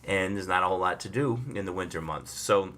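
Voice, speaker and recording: Male comedian, lowish voice, relaxed storyteller with many ums. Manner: chatty, unhurried, with frequent fillers and laughs. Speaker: stand-up comedian. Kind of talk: storytelling monologue.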